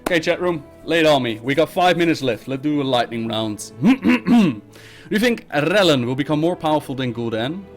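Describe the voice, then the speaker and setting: A man hosting a live Q&A stream, reading viewer questions aloud and answering them bluntly and briskly. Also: on the high side, animated, soft background music. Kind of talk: casual live-stream chat.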